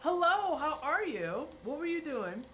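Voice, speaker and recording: A woman streams live as she bakes, chatting loosely with viewers and often laughing and exclaiming in a giggly, teasing way. Her voice sits high with big swings in pitch, moving a little slowly with a fairly bright tone. There's slight background noise.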